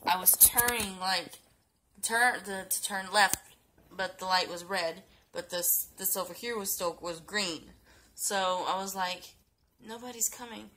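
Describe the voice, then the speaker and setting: A young woman tells a story to her camera just after waking, sounding tired and a little sick. Her voice is bright, and she wanders through her tale with fillers and restarts over a faint background hiss. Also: fairly low pitch, fairly even intonation, measured pace, rough recording. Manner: rambling with many fillers and restarts. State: sleepy and sick, yawning. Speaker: vlogger. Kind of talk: casual story time vlog.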